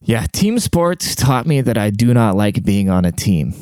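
A man in his thirties talking quietly in a rambling, profane casual monologue, keeping his voice down to a near whisper. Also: on the low side, moderate pace, clean tone, no room sound. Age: 30s. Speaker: vlogger.

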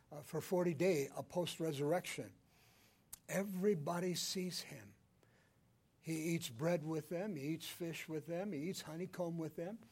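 An older man preaching a sermon, swinging between loud emphatic lines and hushed ones. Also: on the high side, husky. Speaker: pastor.

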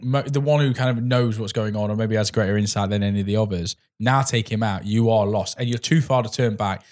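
A man's voice: on the low side, a little fast, a little mellow. A young man co-hosting a podcast in casual chat, enthusiastic and rambling, often saying "mate". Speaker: podcast co-host.

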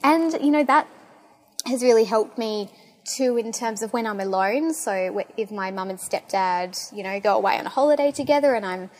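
A young woman with an Australian accent, talking casually and excitably as a podcast host, with lots of fillers. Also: on the high side, moderate pace. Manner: chatty and excitable, full of fillers. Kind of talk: casual monologue.

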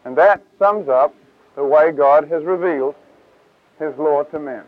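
High-voiced preacher on old tape. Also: male voice, unhurried, no room sound. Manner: lively, casual, acts out scripture voices. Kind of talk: Bible teaching talk. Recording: tinny, lo-fi 1970s tape.

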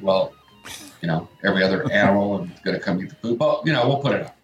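A man's voice: on the low side, a little fast, roomy sound, soft background music. Rambling middle-aged male radio co-host. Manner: rambling storyteller, acts out family quotes. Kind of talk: casual chat.

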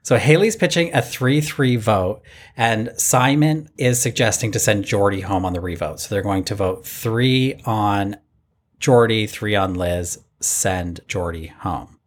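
Husky low-voiced man recapping casually. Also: a little slow. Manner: lively storytelling, mimics the players. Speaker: podcast co-host recapping a reality show. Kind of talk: casual chat.

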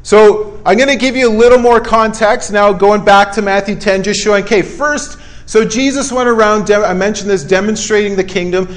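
A man's voice: high voice, steady tone, brisk, few pauses. A man preaching a sermon in a conversational way, punching out short emphatic phrases and often checking in with his listeners.

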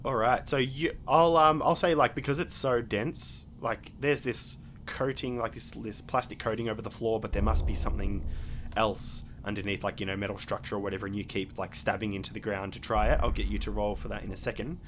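A man's voice: lowish voice, fairly even intonation, a little fast, a bit bright, slight background noise. A man narrating as game master of a tabletop game, rambling with many fillers and restarts.

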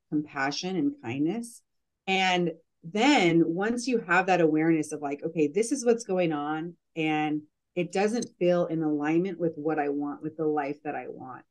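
A woman's voice: deep voice, a little mellow. A woman who coaches mothers, talking earnestly in a casual podcast interview and using "like" often.

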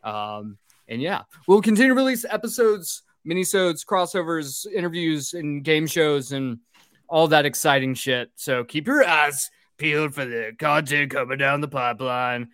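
Man, podcast host, tipsy, profane, joking, slightly high pitch, dry recording. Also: expressive, normal speed, a bit bright, no echo. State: getting drunk. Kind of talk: casual drunk podcast chat.

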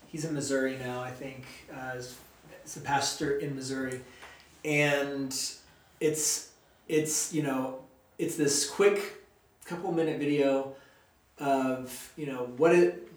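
A man's voice: medium pitch, fairly even intonation, takes it slowly, slight background noise. A man leading a casual Bible study, talking in a chatty, rambling way. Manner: chatty, rambling, uses fillers. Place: church meeting room. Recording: echoey room, distant mic.

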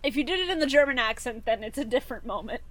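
Lively high-pitched woman cursing through podcast banter. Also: rapid-fire. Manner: profane, exasperated, swings into loud laughing outbursts. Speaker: podcast co-host. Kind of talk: casual comedic chat.

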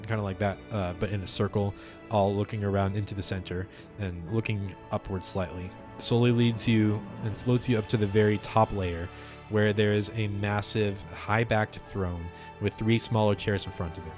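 A man's voice: on the low side, fairly even intonation, moderate pace, music in the background. A man narrating descriptively as game master of a tabletop game. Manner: descriptive, with fillers.

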